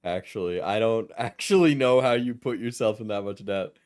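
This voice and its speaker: A young man from New England rambles through a reaction stream with blunt, profane remarks. His voice sits fairly low, and the sound is dry and close with no room echo. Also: normal speed, darkish tone. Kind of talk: casual reaction commentary.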